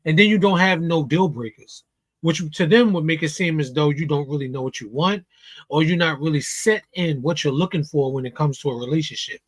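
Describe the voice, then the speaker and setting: A man hosts a live reaction stream, voice sitting a little high and close to the mic. He picks apart what he sees in a casual, questioning way, hammering the same point several times. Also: fairly quick, fairly bright tone, slightly rough, no echo. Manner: chatty, questioning, repeats himself for emphasis. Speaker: reaction channel host. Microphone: streaming desk mic.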